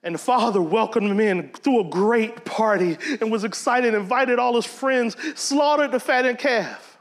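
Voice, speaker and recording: High-voiced man teaching a Bible lesson. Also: normal speed. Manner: conversational, acts out quoted voices. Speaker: preacher.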